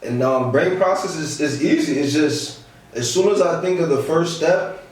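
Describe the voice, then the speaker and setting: A man's voice: fairly high pitch, moderate pace, a little hiss or hum. A young man, a comedian guest, telling stories in a casual interview, slangy and laughing often. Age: young adult. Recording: echoey room, distant mic.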